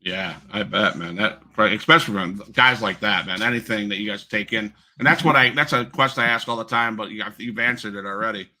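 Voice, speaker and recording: A man's voice: fairly low pitch, fairly quick, few pauses, sharp tone, low-quality recording. A man hosting an interview over a video call, laid-back and casual, swearing now and then. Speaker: interview host.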